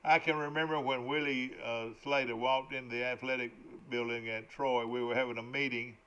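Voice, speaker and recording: A man's voice: medium pitch, little pitch movement, normal speed, a bit bright, clear, resonant tone. An older man hosting a casual sports talk show, rambling with many hesitations and restarts. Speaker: morning talk show host. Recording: dull lo-fi broadcast audio.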